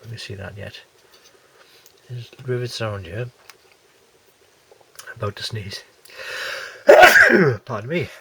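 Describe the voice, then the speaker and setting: A man reviewing a model kit in a low, gravelly voice, wandering through his thoughts with fillers and false starts. He is still getting over a cold. The home recording has a steady hiss of noise behind it. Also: measured pace, pauses often. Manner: rambling, hesitant with many fillers and restarts. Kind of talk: casual unboxing commentary.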